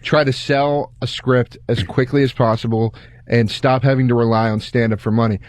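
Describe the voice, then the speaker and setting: A man's voice: medium pitch, fairly even intonation, normal speed, darkish tone, no echo. A man co-hosting a radio show in casual banter, earnestly rambling through his own plans.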